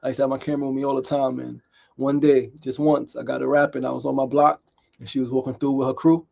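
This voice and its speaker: A man's voice: medium pitch, little pitch movement, fast talker, gravelly, a little mellow. A middle-aged man hosts a motivational daily talk show, speaking emphatically, repeating himself and often asking "right?". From New York City. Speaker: host.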